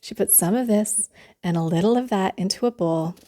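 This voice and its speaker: A woman reading a children's bedtime story aloud in a gentle, unhurried way. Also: mid-range voice.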